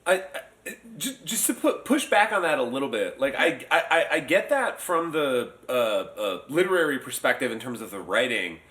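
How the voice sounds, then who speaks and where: A man discussing a novel casually, halting and restarting his sentences often. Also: medium pitch, sing-song, fairly bright tone. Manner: hesitant, stammering restarts. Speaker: podcast host. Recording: roomy echo.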